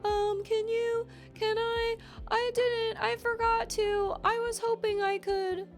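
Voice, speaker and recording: A woman's voice: flat delivery, soft background music. Woman mimicking whiny stammering college students. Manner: stammering, high and halting. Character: whiny flustered college students, young adults.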